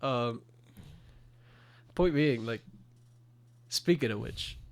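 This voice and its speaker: A man's voice: mid-range voice, very slow. A young man co-hosting a podcast in casual chat, rambling with many likes and laughing often. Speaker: podcast co-host.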